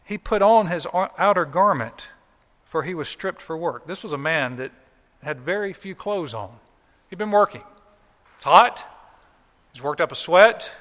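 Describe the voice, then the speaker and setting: A man's voice: on the high side, expressive, a little slow, pauses often, fairly bright tone, in a large hall. A man preaching a sermon as pastor, explaining scripture in a conversational way and acting out quoted lines.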